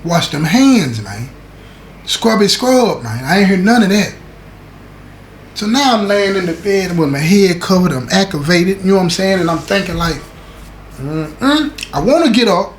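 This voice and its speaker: Male storyteller, fairly high voice, animated and slangy, keeps asking if you follow him; roomy echo. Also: a little slow. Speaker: show host recounting prison stories. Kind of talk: casual storytelling to viewers. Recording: echoey room with faint background noise.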